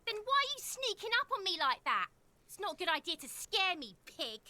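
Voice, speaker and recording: A woman's voice: very high-pitched, big pitch swings, brisk, pushed and bright, exaggerated voice. A paranoid, threatening ex-convict woman. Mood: suspicious. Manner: hostile, threatening. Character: paranoid hostile woman, jailed for murder.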